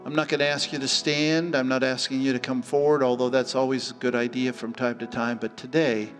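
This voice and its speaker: Animated male pastor in a reverberant church. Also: mid-range voice, brisk. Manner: animated storytelling, acting out voices. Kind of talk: sermon. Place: church hall. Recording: church hall reverb with faint music.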